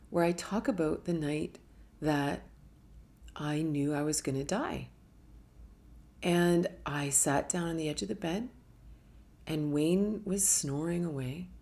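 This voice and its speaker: Middle-aged woman, live Q&A host, gravelly voice, lowish pitch, candid, whispers quoted thoughts. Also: mellow. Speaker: host answering viewer questions. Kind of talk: live Q&A talk.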